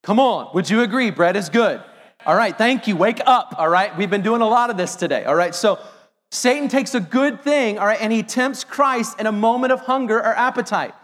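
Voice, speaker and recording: A middle-aged man, a pastor, preaching an animated sermon with joking asides to the congregation. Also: high voice, a little fast. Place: church sanctuary. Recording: long hall reverb.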